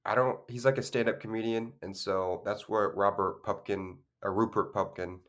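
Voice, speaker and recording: A man with a very low, deep voice talks casually through a film's plot on a podcast. He rambles and backtracks, stacking fillers and self-corrections as he goes. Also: fairly even intonation, normal speed, a bit bright. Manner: loose, rambling, many fillers and restarts. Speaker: podcast co-host. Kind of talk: casual film discussion.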